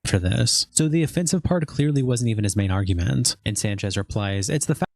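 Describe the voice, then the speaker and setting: A man's voice: on the low side, fairly quick, creaky, no echo. A man hosting a drama commentary show, reading out posts in a sardonic, matter-of-fact way. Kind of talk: commentary narration.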